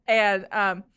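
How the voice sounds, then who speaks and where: A woman's voice: mid-range voice, sharp tone, clear, resonant tone. A woman running a tabletop game as game master, casual and giggly, rambling a bit.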